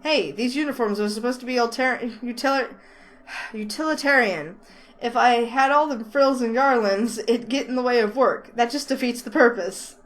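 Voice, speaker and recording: A woman voicing a grumpy, blunt young male store clerk with a Southern accent, flat and stubborn. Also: fairly high pitch, normal speed, lightly acted, low-quality recording. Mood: defensive.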